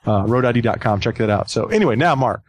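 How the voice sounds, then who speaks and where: A man's voice: medium pitch, expressive, fast. A man co-hosting a podcast in casual, joking chat, rambling a little with fillers as he promotes a listener contest. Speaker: podcast co-host.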